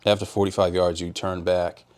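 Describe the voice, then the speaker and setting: Casting: podcast host from Rhode Island, young man with a low, deep voice, easygoing chat full of "dude". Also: little pitch movement, moderate pace. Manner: laid-back, says "dude" a lot, laughs hard. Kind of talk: casual chat.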